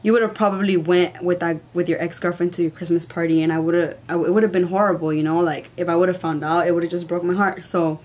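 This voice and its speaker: A woman's voice: fairly low pitch, steady tone, fairly quick, few pauses, a little mellow. A young woman telling a story in a rambling way with lots of "like", in casual chat. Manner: rambling, says "like" a lot. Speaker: vlogger.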